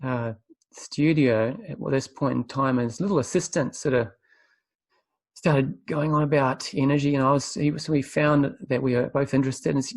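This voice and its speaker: A man presenting a spiritual webinar, telling his story earnestly and reflectively, often pausing to find his words. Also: mid-range voice, steady tone, no echo. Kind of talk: spiritual talk, personal testimony.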